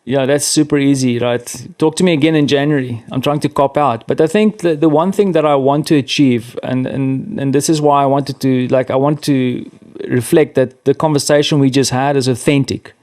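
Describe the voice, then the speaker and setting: A man's voice: mid-range voice, steady tone, normal speed, few pauses, a little mellow. Chatty South African man. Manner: chatty, self-deprecating, many restarts. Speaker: podcast guest. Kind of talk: casual conversation.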